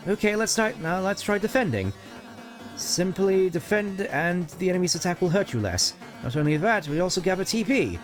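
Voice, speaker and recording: A man voicing a gentle, shy young goat prince in a video game, speaking softly and politely with hesitant little ums. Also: high-pitched, lively intonation, moderate pace, soft background music, voice pushed up. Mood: encouraging. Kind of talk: video game voice-over reading.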